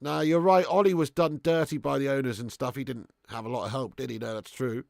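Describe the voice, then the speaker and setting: A man's voice: medium pitch, a little fast, vocal fry, dry recording, clean studio sound. A young man hosting a live football watch-along, commenting on the match, reading out viewers' messages and swearing freely. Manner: excitable, swears, reads viewer messages aloud.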